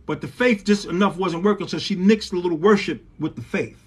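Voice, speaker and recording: High-pitched man preaching bible study, fervent, repeats himself, sudden loud bursts. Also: expressive, moderate pace, slightly rough. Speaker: pastor.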